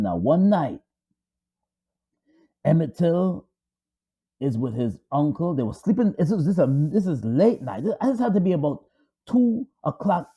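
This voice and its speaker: A man co-hosting a talk show, retelling a story with drama and emphatic repetition. His voice sits somewhat high and husky and swings widely in pitch. The recording is dull and lo-fi. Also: dark tone. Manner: repetitive, emphatic, restarts for effect. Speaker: co-host.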